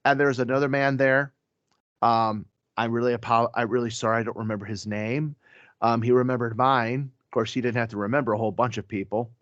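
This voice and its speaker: A man's voice: mid-range voice, a bit bright, no room sound. A man, a priest, chatting casually on a podcast and telling stories with asides and self-corrections. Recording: dry, slightly dull podcast audio.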